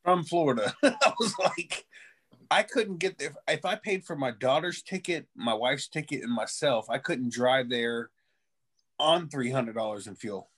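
A man's voice: mid-range voice, lively intonation, a little slow, a bit bright, breathy edge. A man in a casual podcast chat, joking and teasing the others. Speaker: co-host.

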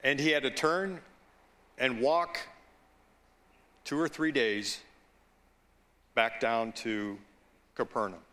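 A male pastor preaching a sermon, slow and deliberate, with storytelling asides and calls for agreement from the congregation. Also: medium pitch, a bit bright.

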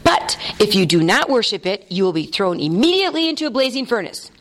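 A woman voicing a menacing ancient male king, lowering her voice as she reads his threats aloud. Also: very animated, fairly quick.

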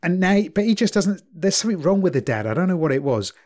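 Guy on a podcast, kinda high voice, rambly, keeps laughing. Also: fast. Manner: animated, laughs often, rambling with restarts. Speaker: podcast co-host. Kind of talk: casual chat.

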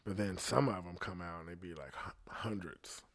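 A singer on a podcast delivers a loose, wandering monologue packed with profanity and side tangents, telling stories in a laid-back way. His voice is low-pitched and his pace moderate.

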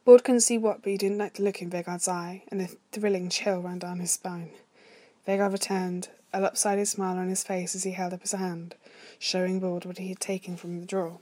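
A woman narrating fan fiction aloud in a steady, soft-spoken reading voice. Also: on the low side, brisk. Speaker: story reader.

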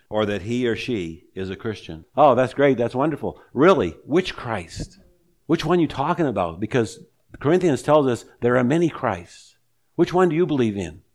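A man preaching a sermon, emphatic, with rhetorical questions and deliberate pauses. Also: mid-range voice, darkish tone. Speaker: pastor.

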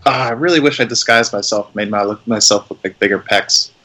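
A man's voice: on the low side, a little fast, bright, forceful tone, slight background noise. A man playing a tabletop role-playing game, speaking in character with flustered, rambling bluster. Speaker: player.

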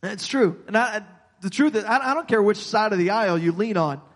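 High-voiced man preaching in a reverberant hall. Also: expressive, brisk, fairly bright tone. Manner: earnest preaching with frequent repeated words and restarts. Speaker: pastor. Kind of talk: sermon.

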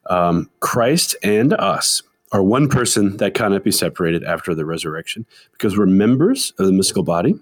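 A man's voice: sits low, animated, normal speed, few pauses. A man co-hosting a podcast in casual discussion, explaining a text and reading passages from it aloud. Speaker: podcast co-host.

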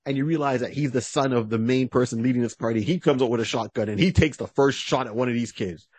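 A man's voice: medium pitch, quick pace, darkish tone, no room sound. A man co-hosting a podcast, retelling a story in a casual, rambling way with many fillers. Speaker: podcast co-host. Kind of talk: casual chat.

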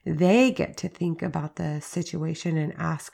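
Gravelly-voiced woman hosting a parenting podcast. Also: fairly low pitch, fairly even intonation, unhurried, hardly any pauses, darkish tone. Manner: conversational, uses "like" and "right?" as fillers. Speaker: podcast host. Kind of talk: casual teaching monologue.

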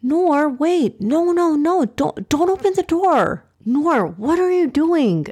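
A woman voicing a frantic young boy who panics easily, with high-strung outbursts in a raised, breathy voice. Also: a little slow, darkish tone. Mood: alarmed.

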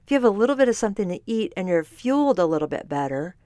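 A woman's voice: medium pitch, big pitch swings, rapid-fire, dark tone, no room sound, studio quality. A woman hosting a podcast as a fitness and nutrition coach, explaining in a conversational way and correcting herself as she goes. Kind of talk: solo podcast talk. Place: standing while recording.

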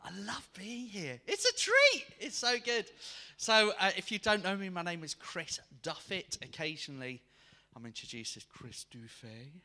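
Man, preacher, animated storytelling sermon, very bright voice, swinging pitch. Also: moderate pace. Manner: animated, acts out quoted voices. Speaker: guest preacher.

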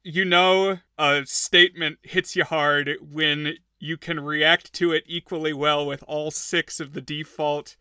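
A man's voice: on the high side, little pitch movement, a little slow, hardly any pauses, sharp tone, smooth, no room sound, clean studio sound. A man co-hosting a podcast, giving thoughtful, wry analysis in casual chat. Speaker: podcast co-host.

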